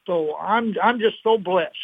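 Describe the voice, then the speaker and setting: A man in his eighties, a guest on a radio interview, speaking in a halting, earnest way with many repeated words and getting choked up. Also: sits high, gravelly, husky, no echo. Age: 80s. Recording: tinny phone line.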